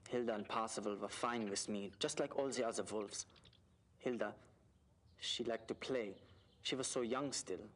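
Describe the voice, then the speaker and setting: A man's voice: on the low side, slight background noise, natural voice. An actor voicing a plain, literal adult male zookeeper with a German accent in a video game. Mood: matter-of-fact. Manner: flat, matter-of-fact, short halting answers.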